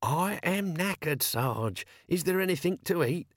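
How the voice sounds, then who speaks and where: A man's voice: fairly high pitch, lively intonation, unhurried, husky, no room sound, pitched above the performer's own voice, full character voice. A whiny, grumbling corporal with a raised, slightly strained voice, as a male narrator puts him on. He complains about everything in a dry, close reading.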